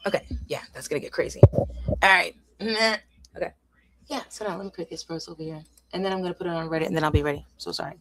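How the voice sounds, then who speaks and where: Gravelly-voiced woman ranting on a livestream. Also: fairly low pitch, fast talker, fairly bright tone. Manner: frustrated, swears, drops to whispers. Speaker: livestream host. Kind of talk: casual livestream rant. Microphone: desk microphone.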